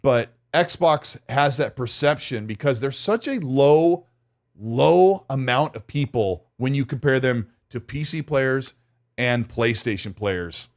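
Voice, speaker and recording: A man co-hosting a gaming podcast in casual chat, lively, with stammering restarts and quick laughs. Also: medium pitch. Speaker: podcast co-host.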